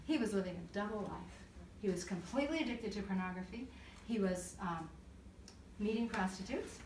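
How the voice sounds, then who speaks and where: A woman counselor talking to a church group, telling stories in an animated way, acting out voices and laughing often. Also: mid-range voice, moderate pace, slight background noise. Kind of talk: church talk to a live group. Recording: echoey room recorded from far off.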